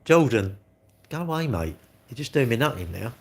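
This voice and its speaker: A man's voice: medium pitch, very animated, moderate pace. A man, chatting casually on a live stream, rambling and blunt as he answers comments. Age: 60s.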